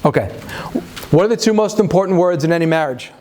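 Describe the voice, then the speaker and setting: A man's voice: fairly high pitch, animated, quick pace, dark tone. Upbeat man lecturing a live audience. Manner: conversational, self-deprecating humor, frequent fillers and restarts. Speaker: speaker leading a marriage seminar. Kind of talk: live seminar talk to an audience.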